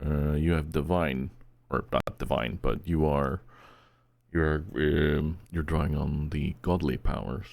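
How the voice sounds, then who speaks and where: Deep slow-spoken Norwegian game master. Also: male voice, steady tone, vocal fry, darkish tone, no echo. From Norway. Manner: hesitant, with many fillers and restarts. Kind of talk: running a tabletop game.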